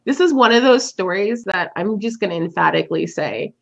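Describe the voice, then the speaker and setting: A woman's voice: medium pitch, a little fast, gravelly. A woman talks through a book on a casual podcast, her voice swooping up and down as she laughs and acts out her own reactions. The sound is a little dull, like lo-fi podcast audio. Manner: laughs often, animated storytelling. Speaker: podcast host.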